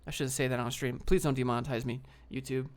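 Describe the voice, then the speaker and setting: A man's voice: mid-range voice, level tone, fast. Rambling joking man on a livestream. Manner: rambling, joking, reads questions aloud. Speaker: livestream host answering chat. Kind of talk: casual livestream chat.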